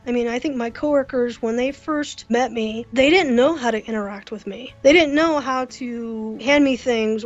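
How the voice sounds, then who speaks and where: A woman with a fairly high voice tells workplace stories in a casual, animated way. She acts out the reactions she quotes. The recording sounds dull and lo-fi. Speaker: interview guest. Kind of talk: casual storytelling. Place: hotel during a convention.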